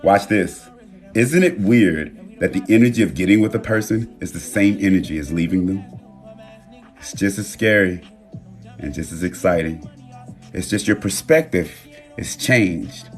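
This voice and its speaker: A man hosting a live stream from his phone, talking in a relaxed, reflective way with loose slang and pausing to read viewer comments. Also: deep voice, soft background music. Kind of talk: casual live-stream talk. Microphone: phone mic.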